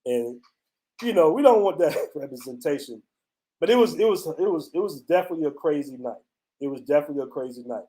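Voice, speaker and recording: A man from the United States tells his viewers a story in a casual, slangy way, dropping "man" and "bro" all through it. His voice sits a little higher than most men's. He talks outdoors on a city street. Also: fast. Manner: loose, animated retelling with slang and repeated "man" and "bro". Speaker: travel channel host.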